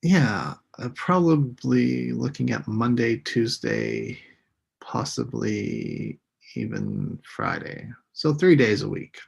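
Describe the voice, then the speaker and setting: A man from the United States leads a live-streamed English lesson, drawing each word out and saying it again. His voice carries a gravelly rasp, and his pitch sits in an ordinary middle range. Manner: slow, deliberate, repeats words for students. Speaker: English teacher.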